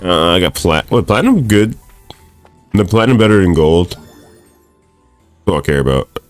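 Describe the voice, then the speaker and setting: A young man with a very low voice that still leaps around a lot as he reacts to his game. He talks fast and swears freely, sounding excitable and easily annoyed. Game music plays faintly behind him. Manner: excitable, swears and laughs often, talks to the screen. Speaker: gaming streamer. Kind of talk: let's play commentary.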